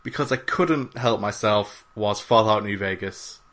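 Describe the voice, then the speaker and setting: A man's voice: fairly low pitch, unhurried, fairly bright tone. A man co-hosting a podcast in casual chat, rambling and self-mocking with plenty of swearing. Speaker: podcast co-host.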